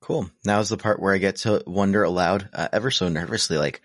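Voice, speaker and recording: A man co-hosting a podcast chats casually, rambling and self-deprecating with sarcastic humor. His deep, fairly bright voice runs a little fast with few pauses, captured in a dry recording with clean studio sound.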